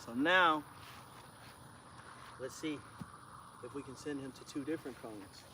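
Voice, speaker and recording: A man's voice: mid-range voice, measured pace. Easygoing man training a dog outdoors. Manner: relaxed, slangy, talks calmly to the dog. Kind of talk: casual training demonstration. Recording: outdoor recording with clear background noise.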